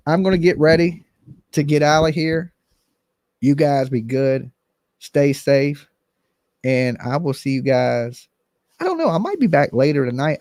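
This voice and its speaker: A man's voice: medium pitch, gravelly, darkish tone, dry recording, clean studio sound. A man hosting a casual commentary stream, blunt and rambling, swearing freely. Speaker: channel host.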